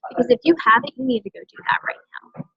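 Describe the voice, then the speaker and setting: A senior direct-sales team leader gives her team an emphatic, coaching pep talk, often tagging lines with "okay?". Her voice is on the high side, slightly rough, and she talks fast. The recording is muffled, with no echo.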